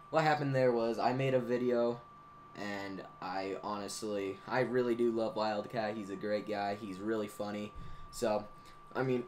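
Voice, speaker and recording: A teenage boy talking through his channel's history in a rambling, profane, excitable way, as a gaming YouTuber looking back. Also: mid-range voice, a little hiss or hum. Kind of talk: casual anniversary vlog monologue.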